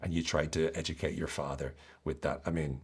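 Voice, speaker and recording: A man hosting his own podcast, explaining ideas in a casual, animated monologue with self-deprecating asides. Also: extremely low pitch, brisk, breathy edge. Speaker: podcast host.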